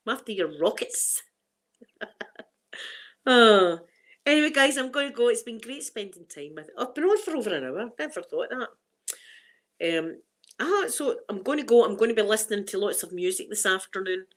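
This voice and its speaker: A middle-aged woman with a Glaswegian accent, chatting casually to her viewers in a rambling, laughing way, her voice starting to go hoarse. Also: on the high side, expressive, normal speed, pauses often, low-quality recording. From Scotland. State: voice going hoarse. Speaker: vlogger.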